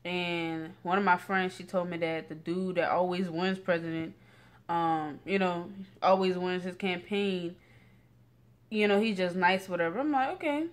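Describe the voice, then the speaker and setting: A woman's voice: on the low side, level tone, unhurried. A woman in her late teens vlogging to her phone camera at home at night, rambling in a chatty, slangy way with lots of fillers. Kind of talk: casual rant to camera.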